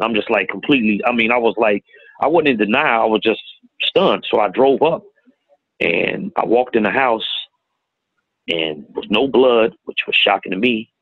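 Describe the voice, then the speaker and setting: A middle-aged man telling a painful personal story in a plain-spoken, halting way, recorded with tinny phone-like sound. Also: on the low side, dry recording. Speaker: guest telling his story. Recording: tinny phone-like audio, dry.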